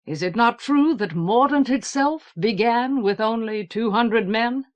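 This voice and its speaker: Woman narrator doing a kind prince in a book reading: soft, reassuring. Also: on the high side, measured pace, dull audio, natural voice. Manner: gentle, reassuring.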